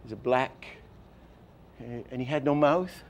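An older man gives an animation lesson in a mid-range voice. He tells lively stories from his work, often breaks off to act out a line, and restarts his sentences as he goes. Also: mid-range voice, a little slow. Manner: lively storyteller, acts out lines, many restarts. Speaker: animation teacher. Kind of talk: lecture with acted-out examples.

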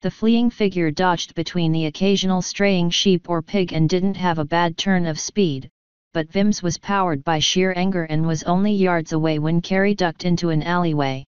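A woman reading a fantasy novel aloud in a slow, even storytelling manner. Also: fairly low pitch, smooth, no room sound, highs cut off. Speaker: audiobook reader. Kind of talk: scripted narration.

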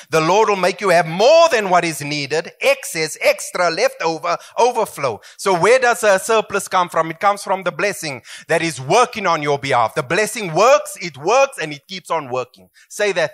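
Man, middle-aged pastor, emphatic sermon, fairly high voice, asks for amens. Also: animated, normal speed, a bit bright. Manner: emphatic preaching with swooping pitch, asks for amens.

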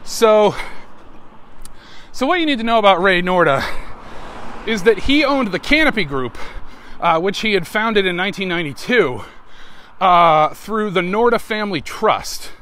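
A man's voice: high voice, very animated, measured pace, pauses often, sharp tone, a little hiss or hum. A man hosting a podcast while out on a walk, talking into his phone in a rambling, joking monologue with self-mocking asides. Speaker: podcast host. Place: outdoors on a walk.

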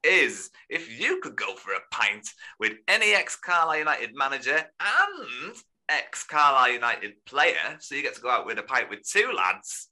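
A man's voice: medium pitch, very animated, moderate pace, sharp tone. A man hosting a football podcast, chatty and jokey, rambling in casual chat with his guests. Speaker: podcast host.

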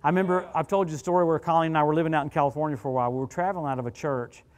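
Animated preacher in a reverberant church. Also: male voice, on the high side, rapid-fire. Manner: storytelling, animated and conversational. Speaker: guest preacher. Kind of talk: sermon. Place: church sanctuary.

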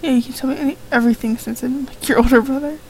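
High-pitched woman gamer, reads all game dialogue herself, quick asides, faint hiss behind. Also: fairly even intonation, low-quality recording. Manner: reads each character's lines in her own voice, reacts with exclamations. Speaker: let's play gamer. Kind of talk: reading game dialogue aloud with commentary.

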